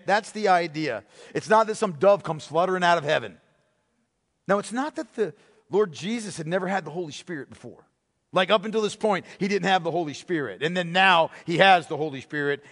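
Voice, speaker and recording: A man preaches from the pulpit with a high-pitched voice, explaining each point and checking in with the listeners as he goes. His voice carries a long reverb from a large hall. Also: a bit bright. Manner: explanatory preaching with frequent "okay?" check-ins. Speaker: pastor. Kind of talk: sermon.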